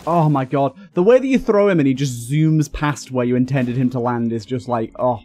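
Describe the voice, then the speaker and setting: A man's voice: medium pitch, moderate pace, dark tone. A young man giving let's play commentary, swearing and breaking into frustrated outbursts. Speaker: gaming YouTuber.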